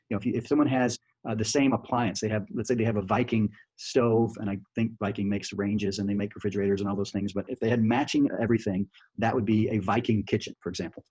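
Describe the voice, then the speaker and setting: Brief: quick, chatty male sales trainer, slightly husky voice, dull lo-fi audio from a video call. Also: lowish voice, darkish tone. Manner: fast, chatty, full of restarts and "right?" checks. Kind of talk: screen-share sales training.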